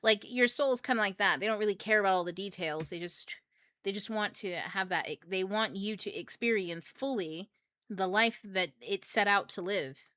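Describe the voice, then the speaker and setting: Bright, profane young woman host. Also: mid-range voice, normal speed, clear, resonant tone, no echo, studio quality. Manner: rambling, profane, joking. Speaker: book club host. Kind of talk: casual livestream talk.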